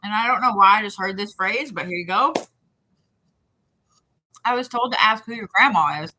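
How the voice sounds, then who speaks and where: A woman's voice: medium pitch, normal speed, bright, forceful tone, a little hiss or hum, low-quality recording. A woman giving intuitive readings to viewers on a live stream, talking in a rambling, repetitive, chatty way. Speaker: psychic reader.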